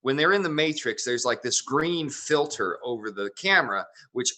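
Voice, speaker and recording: A man's voice: medium pitch, expressive, brisk, bright, forceful tone. A man in his thirties from Wyoming, a comedian guest telling stories in a wordy, playful way. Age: 30s. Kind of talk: casual interview chat.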